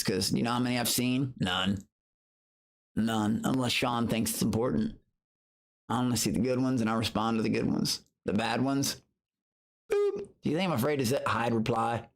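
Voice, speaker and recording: A grown man streaming live, chatting loosely with his viewers in a rambling, profane way and jumping into a higher, excited voice when he greets them. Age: adult. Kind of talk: casual livestream chat.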